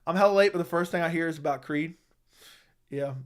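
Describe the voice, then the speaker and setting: A man's voice: a little high, fairly quick. A young man hosting a casual livestream, answering chat with crude, mocking trash talk and frequent laughter. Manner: laughs often. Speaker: livestream host.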